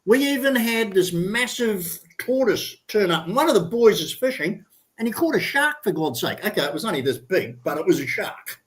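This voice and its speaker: A man's voice: high-pitched, very animated, normal speed, fairly bright tone. An Australian man in his sixties, a guest in a casual chat, talking in a rambling, enthusiastic way and swearing freely.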